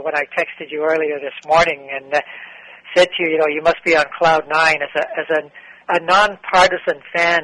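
A man on a sports talk show, giving a measured and reflective take with frequent fillers. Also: a little high, sharp tone, poor audio.

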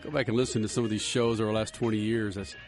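A man's voice: on the low side, fairly even intonation, rapid-fire, a little mellow, faint music behind. A man co-hosting a radio show, rambling through stories in casual on-air chat and laughing often.

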